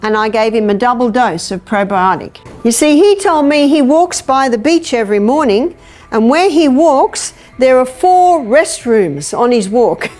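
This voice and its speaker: A woman giving a health lecture, animated and telling a story while she acts out the dialogue. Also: on the high side, a little slow, soft background music. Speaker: natural health educator.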